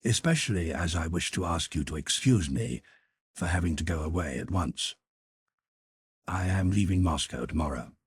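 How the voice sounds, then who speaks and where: A rigid, wounded husband speaking in clipped, formal phrases, his voice very deep and husky. A man voices him in a dry audiobook reading. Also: lively intonation, normal speed, dry recording, full character voice. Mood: cold. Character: cold, stiff, wounded middle-aged husband.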